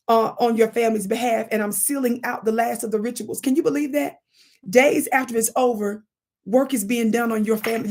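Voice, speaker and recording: A woman hosting a spiritual livestream, teaching in an emphatic, preacher-like way, asking her audience rhetorical questions and thanking viewers for their comments. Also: fairly high pitch. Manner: reads viewer comments aloud and thanks them warmly. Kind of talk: live-streamed spiritual teaching.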